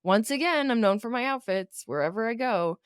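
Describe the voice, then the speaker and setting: Casual podcast chat from a female co-host in her thirties who laughs a lot and acts out coworkers' lines in silly voices. Her voice is a little high, clean-toned and lively, fairly quick, and recorded in clean studio sound with no room noise.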